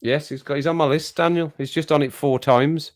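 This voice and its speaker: Reading his chat aloud, this livestream host speaks fairly quickly in a fairly high, fairly even voice. He's a middle-aged man running a casual stream, and he keeps laughing, ribbing viewers, and saying his lines twice.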